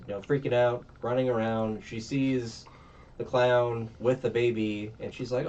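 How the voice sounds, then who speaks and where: A man's voice: medium pitch, fairly even intonation, a little slow, darkish tone. A man casually recapping a movie plot, rambling with lots of ums and uhs and acting out the characters' lines. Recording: distant, muffled mic with faint noise.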